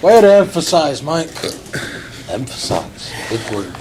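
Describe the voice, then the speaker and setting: A man's voice: fairly high pitch, very animated, a little slow. A man co-hosting a podcast in casual chat, dropping wisecracking remarks. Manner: wisecracking interjections. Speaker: podcast co-host. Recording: noticeable background noise.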